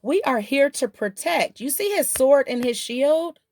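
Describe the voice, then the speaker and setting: A woman giving a casual tarot reading to her camera, excited and animated, talking fast in bursts. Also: high-pitched. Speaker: tarot reader.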